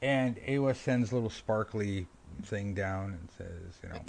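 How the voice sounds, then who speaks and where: A man's voice: on the low side, normal speed, creaky. A man co-hosting a casual podcast chat about a film, acting out characters' lines as he tells the story. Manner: animated, acts out characters' lines. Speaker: podcast co-host.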